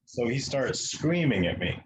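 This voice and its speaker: A man from the United States, a guest telling a long story in an interview, matter-of-fact and halting with fillers. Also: mid-range voice, sing-song, background noise.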